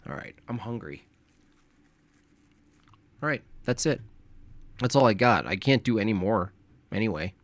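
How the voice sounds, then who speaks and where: A hoarse, coughing man rambling casually. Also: lowish voice, animated, a little slow, pauses often, no echo. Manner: rambling, hesitant, tired. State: coughing, losing his voice. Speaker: livestream host. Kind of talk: casual livestream chat.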